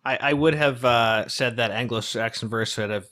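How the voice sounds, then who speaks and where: A man's voice: mid-range voice, moderate pace, bright, forceful tone. A man hosting a podcast who muses aloud in casual interview chat and hums rhythms to make a point. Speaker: podcast host.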